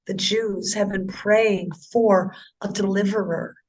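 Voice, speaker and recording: In an interview, a woman shares her personal conversion testimony as a guest, speaking earnestly and with emotion. Her medium-pitched voice is steady and somewhat dark, and she goes slowly, often repeating herself and restarting sentences.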